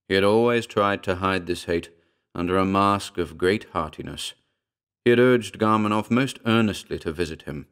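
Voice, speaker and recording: Low-voiced man narrating a horror story.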